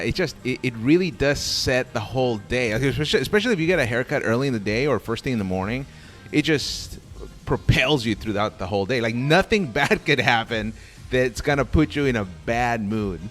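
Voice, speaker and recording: A man hosting a casual interview, speaking haltingly and often repeating his words. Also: mid-range voice, expressive, a bit bright, soft background music. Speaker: podcast host. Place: barbershop.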